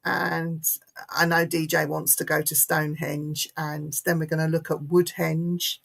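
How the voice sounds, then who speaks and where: A woman's voice: deep voice, flat delivery, a little slow, vocal fry. A woman with an English accent, a paranormal investigator chatting casually as a guest, talkative and given to laughing and restarting her sentences. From England. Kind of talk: casual chat.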